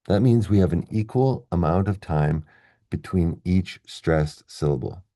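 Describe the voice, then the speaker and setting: Low gravelly guy teaching english, keeps asking "okay?", dry close sound. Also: mellow, no echo. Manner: explains step by step, checks in with "okay?" and "right?". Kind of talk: classroom-style video lesson.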